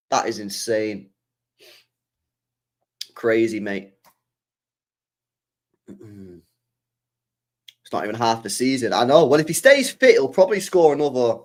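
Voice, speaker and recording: A young man chats on a live stream about his football club, mid-pitched and worked up. He swears freely, circles back to the same points and answers his chat in a loose, fan-to-fan way. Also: lively intonation, a little slow, pauses often.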